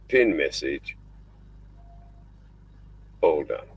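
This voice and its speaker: A man's voice: very deep voice, animated, slow, vocal fry, slightly rough, dry recording, low-quality recording. An older Australian man hosting a casual live stream from inside his small boat at night, rambling and chatting in between fussing over his dog. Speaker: livestream host.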